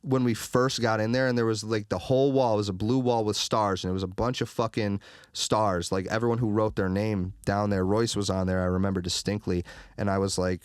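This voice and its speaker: A man's voice: fairly low pitch, fairly quick, smooth, dry recording, clean studio sound. A man, a recording engineer and podcast guest, telling rambling, profane stories in casual chat. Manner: rambling, profane, animated storyteller. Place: podcast studio.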